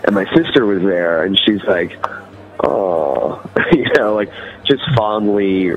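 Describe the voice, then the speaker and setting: A guest musician with a Californian accent chats casually in an interview, rambling and saying "you know" and "like" a lot. His voice is on the low side and measured in pace, and the audio is dull.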